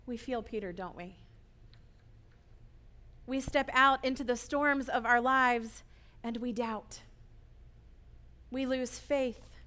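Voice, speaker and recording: A woman delivers an earnest sermon in a slightly high voice. She often turns to her listeners with a quick "right?" to pull them along. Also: pushed and bright. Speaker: preacher.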